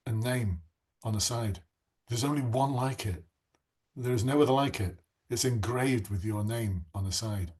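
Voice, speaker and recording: A man's voice: on the low side, breathy edge. A man, coaching police recruits in a live online class and telling stories earnestly and passionately, with frequent restarts.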